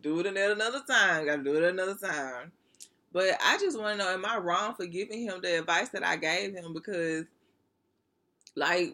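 A woman's voice: on the low side, sharp tone. A woman talking straight to her listeners in a casual, candid monologue, blunt and full of profanity, laughing now and then.

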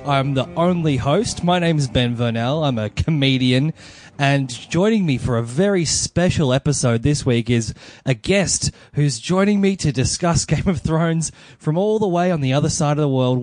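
A young man hosts a chatty podcast, cracking self-deprecating jokes. His voice sits a little high for a man. The recording is dry and close, with no room sound. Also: a little mellow, dry recording. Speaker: podcast host. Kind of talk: casual podcast chat.

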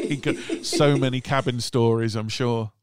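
A man hosts a relaxed conversation, his voice mid-range and unremarkable in pitch. He mostly offers short encouraging replies and dry one-liners. A faint hiss sits under the recording. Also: moderate pace. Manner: brief encouraging backchannel, dry quips. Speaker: podcast host. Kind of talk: casual chat.

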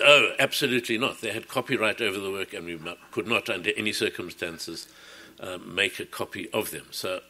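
A man's voice: sits low, sharp tone. A man talking through a creative project in a reflective, explanatory way, often restarting his sentences. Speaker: artist describing his work. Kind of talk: reflective talk.

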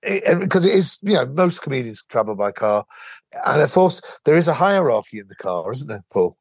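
A man hosting a comedy podcast with a gravelly, raspy voice whose pitch rises and falls a lot. He rambles through reflective asides full of fillers. The sound is dry and close. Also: very animated, brisk, no room sound. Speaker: podcast host. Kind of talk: casual podcast chat.

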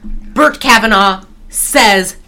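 A woman's voice: medium pitch, very slow, pushed and bright, faint music behind. A woman co-hosting a podcast, recapping a film in casual chat with many restarts and laughs. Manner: rambling, restarts, laughs often. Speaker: podcast co-host.

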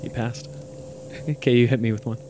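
Guy goofing through an improv bit, hushed sneaky whispers, bit of hiss behind. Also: medium pitch, fairly even intonation, a little fast. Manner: playful, whispering conspiratorially at times. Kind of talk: improvised comedy sketch. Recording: faint background noise.

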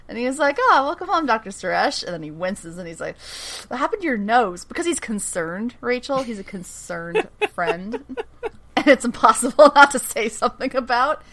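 Woman, chatty podcast co-host, higher and bright, lively recap with quoted lines. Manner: animated recapping, acts out characters' lines, laughs often. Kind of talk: casual chat.

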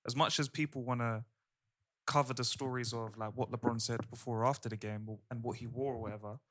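A man's voice: medium pitch, steady tone, fast talker, a bit bright. A man co-hosting a podcast, making emphatic points in casual group discussion. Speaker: podcast co-host.

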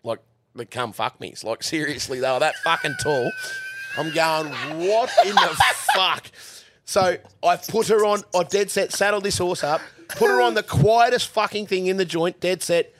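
A man's voice: high-pitched, lively intonation, moderate pace, background noise. An Australian man telling crude, swear-filled stories in casual podcast chat and laughing his way through them. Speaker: horse trainer guest. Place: studio.

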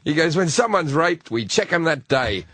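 A man's voice: a little high, normal speed, no room sound. A man telling crude stories in casual podcast banter, laughing as he goes. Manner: crude, animated storytelling with laughter. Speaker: comedian guest telling stories.

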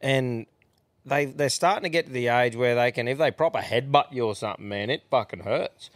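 A man's voice: medium pitch, a little fast, no room sound. An Australian man in his thirties co-hosting a podcast, chatting in a laid-back, blokey way and swearing freely. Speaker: podcast co-host. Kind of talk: casual banter.

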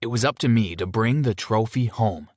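A man narrating a first-person teen story with an expressive delivery. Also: lowish voice, normal speed, no echo, clean studio sound.

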